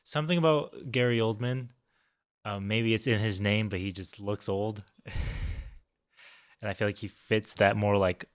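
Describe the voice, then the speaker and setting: Male podcast co-host, low-pitched, relaxed opinion chat, dry close mic. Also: moderate pace, pauses often, no echo. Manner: relaxed, laid-back, trailing off with "uh". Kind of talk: casual movie review chat.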